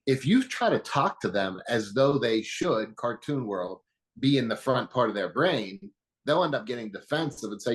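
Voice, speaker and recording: A man speaking as an interview guest, calmly explaining in a teaching manner with examples. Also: mid-range voice, low-quality recording. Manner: calm, teaching, uses metaphors and quoted examples. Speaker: guest, anger management expert.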